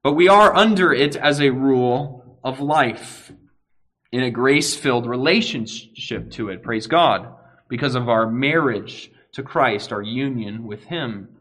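A man preaching a sermon to his congregation, earnest, swelling at key points and dropping to a quiet, low emphasis. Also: measured pace. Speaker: pastor.

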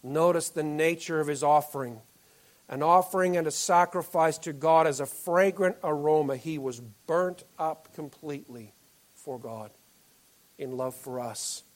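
A male pastor giving an earnest sermon to a congregation, often dropping to soft, low tones on key phrases. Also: unhurried.

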